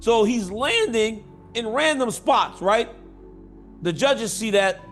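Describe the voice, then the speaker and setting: A man with a notably high voice talks casually about a fight. He is enthusiastic and speeds up in bursts, with faint music behind. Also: lively intonation, slow pace, fairly bright tone. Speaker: fighter giving a prediction. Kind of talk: casual conversational prediction.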